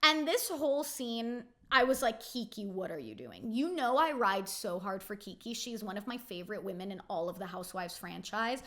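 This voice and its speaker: A woman in her twenties giving a casual, animated reality TV recap, full of rhetorical questions and "like" fillers. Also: a little high, moderate pace, hardly any pauses. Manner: heavy use of "like" fillers. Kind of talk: casual chatty episode recap.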